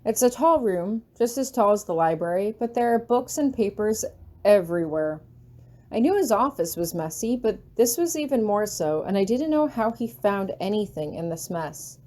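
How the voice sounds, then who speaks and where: A woman narrating a fanfiction audiobook in an expressive first-person storytelling manner. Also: mid-range voice, moderate pace. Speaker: audiobook reader.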